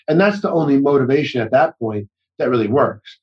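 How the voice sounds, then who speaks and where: A man's voice: mid-range voice, animated, brisk, few pauses, slightly rough, lo-fi sound. A middle-aged man talking as a guest in a casual conversation, rambling and often restarting his sentences. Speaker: actor-director guest.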